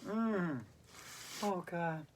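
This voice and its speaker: A woman's voice: on the low side, drawn-out words, noisy background. A woman teaching a playful yoga routine, giggling often between her cues. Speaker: yoga instructor. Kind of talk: playful guided yoga class.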